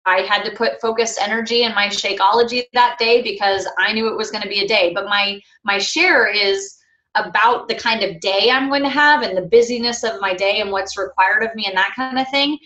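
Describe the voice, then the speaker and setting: A woman's voice: mid-range voice, fairly quick, pushed and bright, reverberant, lo-fi sound. A woman coaching her team on a call, chatty and casual, acting out playful quotes.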